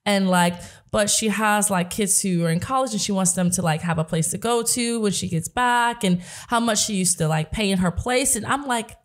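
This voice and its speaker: A woman's voice: mid-range voice, normal speed, hardly any pauses. A woman hosting a podcast, telling stories in a chatty way with lots of "like" fillers. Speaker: podcast host. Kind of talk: casual podcast chat.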